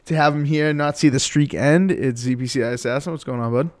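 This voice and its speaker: A man's voice: fairly high pitch, fast talker, a little hiss or hum. A man hosting a streamed gaming podcast, chatting casually and rambling with plenty of fillers. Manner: rambling, loose delivery with many fillers. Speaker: podcast host.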